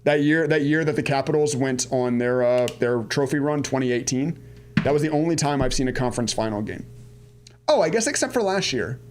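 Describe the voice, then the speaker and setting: A man in his thirties from the Washington DC area chats casually on a trading live stream, rambling, answering viewer chat, going off on tangents and laughing at himself. His mid-range voice is expressive and brisk, with slight background noise.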